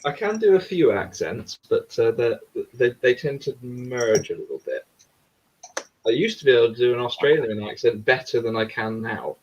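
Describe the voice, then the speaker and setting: A man's voice: medium pitch, expressive, moderate pace, highs cut off, a little hiss or hum. A man hosting a casual chat, rambling and swearing freely. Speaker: host.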